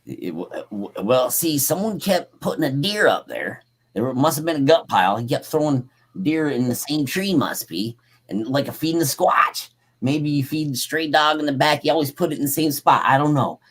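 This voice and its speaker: A man's voice: a little high, expressive, moderate pace, fairly bright tone. Man reading reports aloud with joking asides. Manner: stumbles over words and jokes between sentences. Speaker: podcast host reading encounter reports.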